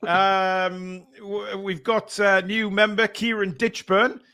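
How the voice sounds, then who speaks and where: A man's voice: high-pitched, little pitch movement, takes it slowly, pushed and bright. A man hosting a casual live stream, reading out donations and chatting with plenty of fillers. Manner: reads out donations with filler-heavy banter. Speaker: stream host.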